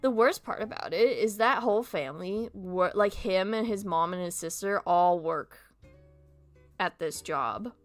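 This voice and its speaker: A woman's voice: medium pitch, animated, unhurried, dry recording, clean studio sound, faint music behind. A young woman chatting casually and candidly with her viewers, venting and swearing, and sometimes stumbling over words because of a speech impediment. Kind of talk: casual chat.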